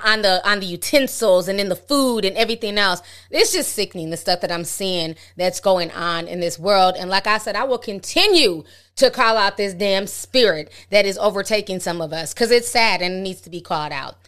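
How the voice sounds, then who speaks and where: A woman's voice: medium pitch, a bit bright, clear, resonant tone. A woman giving casual commentary on her channel, blunt, slangy and emphatic. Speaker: YouTube commentator.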